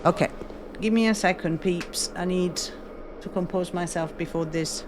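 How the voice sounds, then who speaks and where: A woman, streaming a game casually, excitable and swearing often as she talks to her viewers. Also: lowish voice, moderate pace, noisy background. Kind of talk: casual live-stream commentary.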